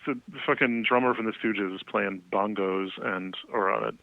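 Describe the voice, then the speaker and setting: A man, a music writer and guest, telling anecdotes over the phone in a rambling, animated way, full of fillers. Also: on the low side, moderate pace, vocal fry, no echo. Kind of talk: casual phone conversation. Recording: tinny phone line.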